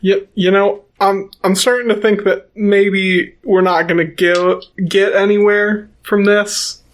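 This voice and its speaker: Brief: deadpan male player, higher-pitched. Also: slow pace. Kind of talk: tabletop role-play.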